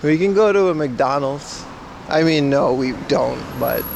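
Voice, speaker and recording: Here a man's fairly high, creaky voice comes through a little slowly over a noisy background. He's an IRL livestreamer strolling outdoors on city streets, reading chat and trading loose, slangy banter with viewers.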